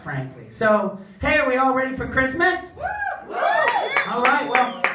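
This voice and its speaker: A woman's voice: sits high, sing-song, a little slow, bright, forceful tone. Rambling neurotic woman doing stand-up. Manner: rambling, self-deprecating, neurotic storytelling. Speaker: stand-up comedian. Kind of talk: stand-up comedy routine. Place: small comedy venue, indoors. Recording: echoey club, distant mic, crowd.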